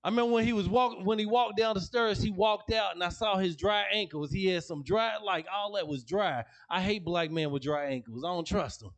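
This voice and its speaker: A man's voice: high voice, brisk, few pauses, fairly bright tone. A man performing a slangy stand-up set in a comedy club, telling family stories and acting out relatives. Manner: storytelling, slangy, acts out family members.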